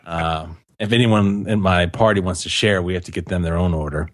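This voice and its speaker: A man chatting casually on a podcast with a fairly low voice. He rambles and restarts his sentences, full of ums and you-knows. The close mic sounds dry, with no room around it. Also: brisk, no echo. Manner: rambling, many fillers and restarts, laughs easily. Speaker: podcast co-host.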